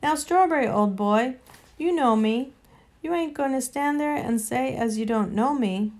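A woman's voice: sits high, a little slow, darkish tone, voice pushed up. A woman reading a storybook aloud and voicing a working-class male London cabman with blunt, homely dialect. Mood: hurt.

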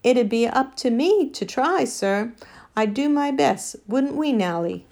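A woman's voice: on the high side, lively intonation, measured pace, darkish tone. A woman voicing a humble middle-aged male cabdriver with a Cockney accent, speaking in a homely, deferential way in an audiobook. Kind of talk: audiobook character voice.

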